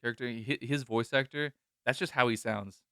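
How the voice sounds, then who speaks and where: A man's voice: mid-range voice, creaky, fairly bright tone, dry recording, studio quality. A man hosting a podcast who chats casually, rambling and joking. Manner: rambling, jokey, quick to laugh. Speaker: podcast host.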